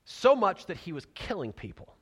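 A man preaching a sermon with a high voice, moving between lively storytelling and hushed, near-whispered lines. Long hall reverb trails each phrase. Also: moderate pace, husky. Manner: animated storytelling, dropping to soft near-whispers for emphasis. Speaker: pastor.

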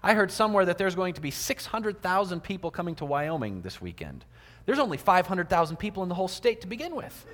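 A man's voice: sits high, sing-song, quick pace, a bit bright. A man giving a sermon in a church, acting out little everyday scenes with quoted voices. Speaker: preacher. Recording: long hall reverb.

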